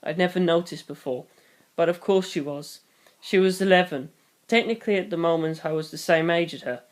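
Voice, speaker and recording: A host reads a novel aloud in the first person, taking on a boy narrator's voice. The voice sits at a plain, middle pitch. Dry, deadpan humor slips into the asides. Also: a little fast. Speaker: channel host reading a fan novel aloud.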